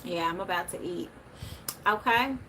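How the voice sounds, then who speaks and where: A woman's voice: lowish voice, normal speed, noisy background. A woman, chatting casually with viewers on a livestream and reading their comments aloud. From Memphis, USA. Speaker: spiritual livestream host.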